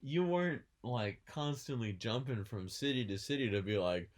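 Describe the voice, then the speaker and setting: A man's voice: medium pitch, animated, moderate pace, hardly any pauses. A man co-hosting a podcast, chatting casually and joking, slipping into silly voices for his bits. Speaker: podcast co-host. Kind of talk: casual chat.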